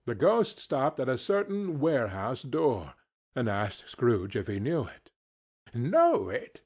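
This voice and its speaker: A male audiobook narrator reads a classic story at a slow, deliberate pace. His pitch moves a lot, and his voice has a slightly husky edge. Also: big pitch swings, darkish tone. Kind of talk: scripted narration.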